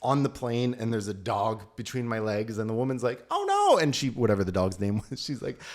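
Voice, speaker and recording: A middle-aged man hosting a podcast, telling stories in casual chat, swearing often and acting out other people's lines loudly. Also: fairly low pitch, brisk. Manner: animated storyteller, swears, acts out quotes loudly. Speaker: podcast host.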